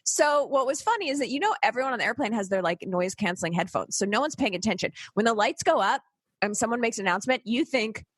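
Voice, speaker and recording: Fast-talking and fairly high-pitched, a woman co-hosting a podcast tells a casual, animated story, swearing freely and acting out what others said. The recording is dry.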